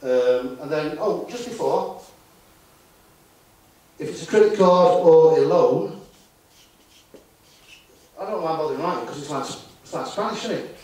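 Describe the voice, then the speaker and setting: A man's voice: on the high side, animated, moderate pace, pauses often, darkish tone. A man giving a talk to a live conference audience, chatty and tossing tag questions at the room. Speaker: conference speaker. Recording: very echoey hall, voice far from mic.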